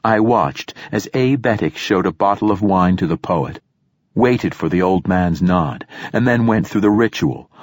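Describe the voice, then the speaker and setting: A man narrating a novel in the first person, in a measured storytelling manner. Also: sits low, no echo. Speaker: audiobook narrator.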